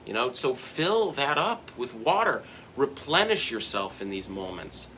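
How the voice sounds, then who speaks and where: Male host for a self-help talk. Bright, lively, earnest delivery with a faint hum of ambience behind. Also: mid-range voice, a little slow. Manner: earnest, emphatic, repeats words for stress.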